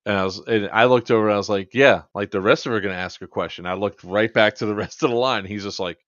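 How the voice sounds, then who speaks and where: On a dry, dull-sounding recording, a man with a lowish voice speaks quickly, co-hosting a podcast. In casual conversation he tells an extended funny anecdote with animation, acting out exchanges by quoting people.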